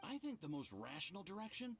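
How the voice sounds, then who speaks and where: A man's voice: high voice, very animated, quick pace. An actor playing an eager young male research assistant in a video game, with a laid-back, surfer-like way of talking. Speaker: game character. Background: game music.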